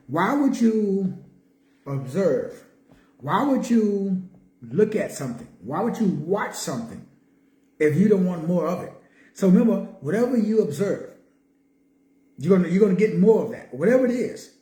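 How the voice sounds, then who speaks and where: A man's voice: sits high, very animated, moderate pace, long pauses, dark tone. A man giving a spiritual teaching talk, driving points home with repeated questions and emphatic answers. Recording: roomy echo.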